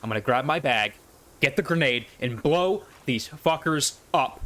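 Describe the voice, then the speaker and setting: A man doing live gameplay commentary on a desk mic at home, excitable and cursing as he yells at enemies. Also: mid-range voice, a little slow. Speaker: gaming YouTuber. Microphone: desk condenser mic.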